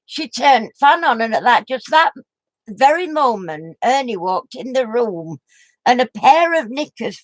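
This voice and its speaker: A woman's voice: a little high, sing-song, measured pace, no room sound. An older woman telling a funny story as a craft vlogger, laughing through her words and tossing in homely exclamations. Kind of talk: rambling anecdote to camera.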